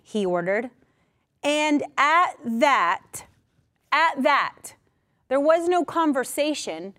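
A woman with a somewhat high voice delivers a sermon. She talks emphatically and drives her points home by repeating short phrases. Now and then she slips into the voices of people from the stories she tells. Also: expressive, slow, pauses often, sharp tone. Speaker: preacher.

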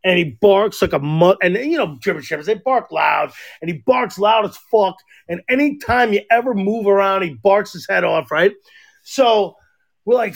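Gravelly high-voiced rambling podcast man. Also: normal speed. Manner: crude, rambling storyteller, heavy swearing. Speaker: podcast co-host. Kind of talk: casual chat.

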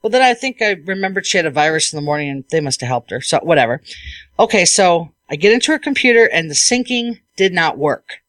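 A woman hosting a podcast as an IT technician, telling a work story in a lively, casual way and acting out what people said. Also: on the low side, fast, no room sound.

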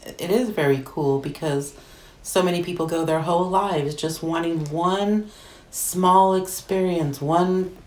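A middle-aged woman talking casually, halting with frequent pauses. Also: low-pitched, darkish tone, roomy sound. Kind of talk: casual conversation.

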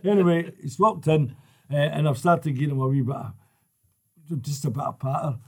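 A man's voice: on the high side, moderate pace, gravelly, slightly rough. An older Scottish man telling football stories in casual chat, laughing as he goes. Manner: lively storyteller who laughs through his tales.

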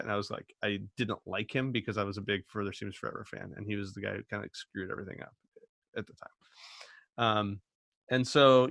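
A man's voice: on the low side, creaky, fairly bright tone, dry recording, clean studio sound. A man co-hosting a podcast who tells stories in a casual, rambling and hedging way. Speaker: podcast co-host. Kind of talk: casual chat.

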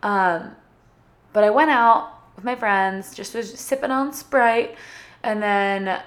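A woman's voice: medium pitch, slow pace. A young woman casually telling a personal story to her viewers, bubbly and chatty, with lots of "like" fillers. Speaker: vlogger.

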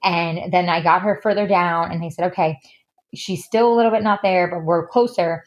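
A woman's voice: on the low side, steady tone, normal speed. Chatty woman telling her story. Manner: chatty, heavy use of fillers like "you know" and "like". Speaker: podcast guest. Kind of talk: candid storytelling in an interview.

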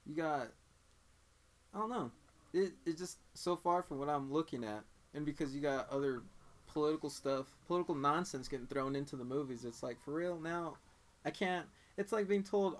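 A man's voice: a little high, a little fast. A young man in casual chat about films, rambling and restarting his sentences a lot. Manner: rambling, lots of fillers and restarts.

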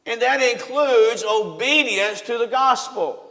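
A man's voice: extremely high pitch, slow, sharp tone. Folksy preacher man in an echoing hall. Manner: folksy, asks the congregation questions. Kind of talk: sermon. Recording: long hall reverb.

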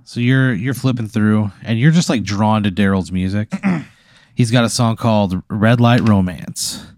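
A man casually spinning an improvised hypothetical story for his co-host, with deadpan asides. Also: on the low side, measured pace, no room sound.

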